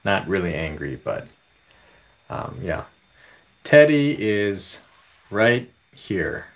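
A man hosting a casual livestream from home, reading viewer comments aloud in a relaxed way. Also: deep voice. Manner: slow, relaxed, reads chat comments aloud. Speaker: livestream host.

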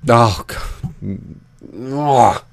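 This young man speaks very slowly in a mid-range voice, with no room sound. A Minecraft let's play host, he gives casual, rambling commentary over his own gameplay, talking to viewers while building and making self-deprecating jokes.

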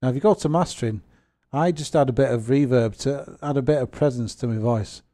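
A man, hosting his gaming channel and chatting through a software tutorial, rambling and joking at his own expense. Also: mid-range voice, fairly quick. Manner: chatty and rambling, with self-deprecating jokes.

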